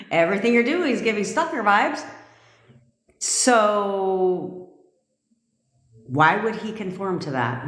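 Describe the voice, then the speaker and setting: Woman coach, livestream rant, blunt and foul-mouthed, quick to laugh, slightly low voice. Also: roomy sound. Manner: blunt, profane, laughs often. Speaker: manifestation coach.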